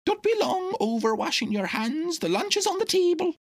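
A man doing a fussy high-voiced duck housekeeper. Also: very animated, moderate pace, dry recording, clean studio sound. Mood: scolding. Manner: bossy, scolding. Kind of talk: storybook reading.

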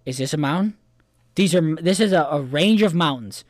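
A man's voice: fairly high pitch, animated, moderate pace, no echo, clean studio sound. A young man in casual chat, brash and insistent, swearing a lot.

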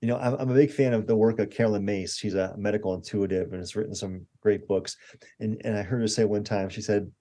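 Storytelling man in his sixties, mellow. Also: on the low side, fast. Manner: animated anecdotes with acted-out quotes. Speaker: guest expert. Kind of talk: conversational interview storytelling.

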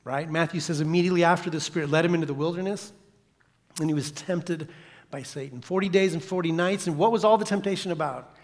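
Preaching man, loud to whispered, in a reverberant hall. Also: a little high, fairly quick. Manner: dramatic, swings from loud to hushed whisper. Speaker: guest pastor. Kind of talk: sermon. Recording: long reverb of a church hall.

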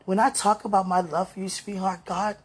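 A woman's voice: medium pitch, level tone, a little fast, slightly rough. A woman speaking tenderly to her viewers in an emotional spiritual monologue, as if talking with God.

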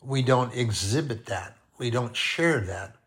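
A man preaching a sermon, deliberate and repeating key phrases for emphasis. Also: mid-range voice, animated, fairly bright tone.

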